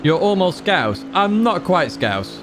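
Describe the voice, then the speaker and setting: A man's voice: sits high, big pitch swings, slow. A man from Blackpool, chatting casually and rambling while streaming a racing game and reading out chat. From Blackpool, England. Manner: chatty, rambling, reads out chat and laughs often. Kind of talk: casual livestream commentary. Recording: game engine noise behind.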